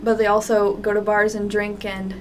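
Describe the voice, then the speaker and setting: A woman podcast host in casual chat, reading fan fiction aloud in an animated way and putting on voices for it. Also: medium pitch, moderate pace. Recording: distant mic with faint noise.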